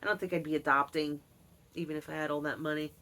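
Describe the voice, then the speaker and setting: Candid woman in her fifties, low voice. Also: fairly even intonation, quick pace, sharp tone, rough recording. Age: 50s. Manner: candid, earnest, wry asides. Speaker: vlogger. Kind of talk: personal confessional vlog.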